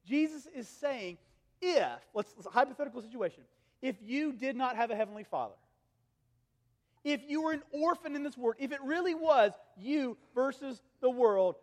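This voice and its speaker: A strikingly high-pitched male pastor in his thirties delivers a sermon, rising to urgent emphasis and then dropping to soft, tender hushes. His voice rings out with a long reverb, as if filling a large hall. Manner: swings from raised, urgent preaching to hushed, gentle tones.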